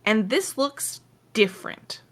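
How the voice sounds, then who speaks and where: A woman's voice: a little high, sing-song, slow pace, fairly bright tone. A woman narrating as game master, describing scenes in detail and correcting herself as she goes.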